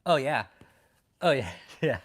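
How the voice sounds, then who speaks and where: A man's voice: medium pitch, animated, slow pace. A man hosting a casual livestream, talking bluntly and profanely and greeting viewers in the chat. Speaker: livestream host.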